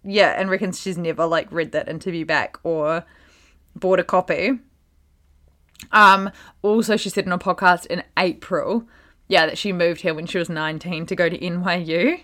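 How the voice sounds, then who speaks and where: A woman's voice: fairly low pitch, steady tone, normal speed, a bit bright. A woman co-hosting a podcast, chatting in an amused, giggly way. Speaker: podcast co-host. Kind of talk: casual gossip chat.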